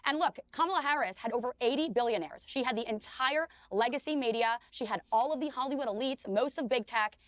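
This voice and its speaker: A woman on a televised political debate panel, delivering forceful talking points. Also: on the high side, a little fast, hardly any pauses, no echo.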